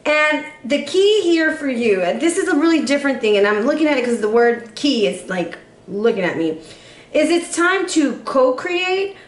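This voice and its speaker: A woman giving a casual, playful tarot reading to camera, chatty and quick to laugh. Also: high-pitched, very animated, echoey room. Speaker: tarot reader.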